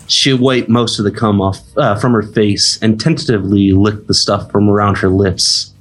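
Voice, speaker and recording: A man's voice: lowish voice, steady tone, moderate pace, hardly any pauses. A man reading a story aloud with dry, reluctant delivery. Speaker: reader. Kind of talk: comedic dramatic reading.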